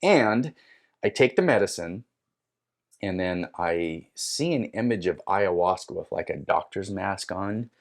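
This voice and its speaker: A man with a fairly low voice tells a personal story as a podcast guest. He talks casually and with energy, acting out what he said along the way. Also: a little slow. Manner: animated, acts out his own quotes.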